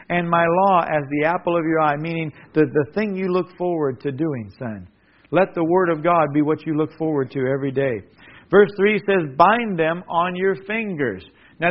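A man preaches with earnest, rising emphasis, often turning to his listeners as "son." His voice sits a little high for a man. The sound is dull and muffled, like a radio broadcast. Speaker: pastor. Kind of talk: sermon.

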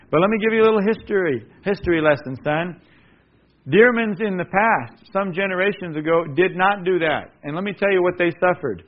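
A man preaches with earnest, rising emphasis, often turning to his listeners as "son." His voice sits a little high for a man. The sound is dull and muffled, like a radio broadcast. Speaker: pastor. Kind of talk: sermon.

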